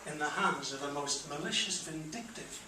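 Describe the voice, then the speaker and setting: A man's voice: fairly high pitch, moderate pace, noisy background. A man with a Geordie accent doing a blunt, crude stand-up comedy set in a comedy club, with the audience laughing. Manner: blunt, crude punchline delivery. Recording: roomy club recording from far off.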